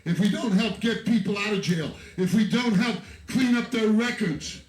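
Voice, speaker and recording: American guy yelling a fired-up protest speech into a stage mic, really high voice, echoey pa sound. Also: moderate pace. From United States. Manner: fiery, profane, shouting and preachy. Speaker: activist speaker at a festival. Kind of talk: impassioned rally speech to a crowd. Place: outdoor festival stage.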